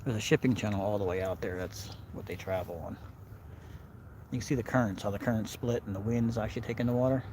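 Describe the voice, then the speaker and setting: A man vlogging outdoors by the water on a cold day, chatting in a relaxed, rambling way and talking to his dog. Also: lowish voice, fast. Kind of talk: casual outdoor vlog chat. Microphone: handheld phone camera. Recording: outdoor phone recording with background noise.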